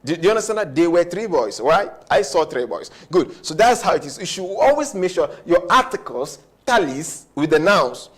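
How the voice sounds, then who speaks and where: A man teaching a French grammar lesson at a board, slowing down on key words and often checking that students follow. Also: on the high side, sing-song, fairly bright tone. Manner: repetitive, checks understanding often; slows down to stress key words. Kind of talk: whiteboard language lesson.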